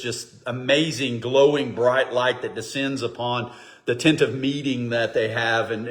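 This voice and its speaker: A man teaching a Bible study, speaking conversationally and telling stories, acting out voices. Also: medium pitch. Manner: conversational, animated storytelling with acted quotes. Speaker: pastor. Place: church, streamed online.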